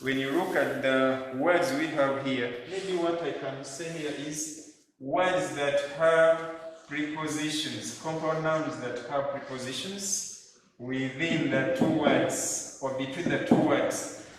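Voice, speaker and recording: A man teaching a grammar lesson to schoolchildren, talking slowly and deliberately and spelling words out letter by letter. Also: fairly high pitch, steady tone. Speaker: primary school English teacher. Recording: echoey room, distant mic, faint noise.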